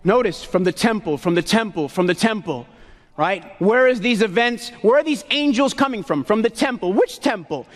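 A Puerto Rican man preaching a sermon loudly and emphatically, calling to the congregation for answers. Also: sits high, animated, normal speed. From Puerto Rico. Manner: loud, emphatic call-and-response preaching. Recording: long hall reverb.

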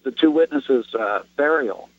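A man calling in to a radio show and asking his question hesitantly, with frequent pauses and fillers. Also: mid-range voice, lively intonation. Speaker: caller. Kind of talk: phone-in question. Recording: tinny phone line.

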